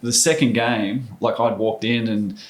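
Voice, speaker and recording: A middle-aged man, a former basketball player, telling stories as a podcast guest in an animated, casual way. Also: medium pitch, unhurried. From Australia. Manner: animated storyteller, acts out quoted voices. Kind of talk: casual storytelling interview.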